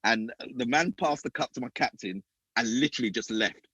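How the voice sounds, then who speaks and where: A man, a podcast guest and former youth football coach, telling animated stories and acting out other people's voices. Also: medium pitch, a little fast, slightly rough, no echo, dull audio. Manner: acts out other people's voices, lively and emphatic. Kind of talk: animated storytelling.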